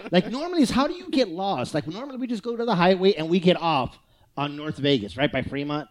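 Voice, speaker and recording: Animated man in casual chat. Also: high-pitched, fast talker. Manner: animated, laughing, swearing.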